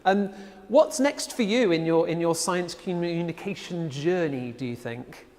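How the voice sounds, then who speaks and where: A man's voice: fairly high pitch, unhurried, a little mellow, big-room sound. A man hosting a live online event, upbeat and chatty with frequent fillers. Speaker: host.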